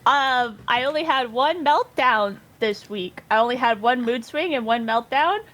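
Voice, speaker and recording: A woman guest in a casual chat with a streamer, telling animated stories and acting out her own outbursts. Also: fairly high pitch, moderate pace.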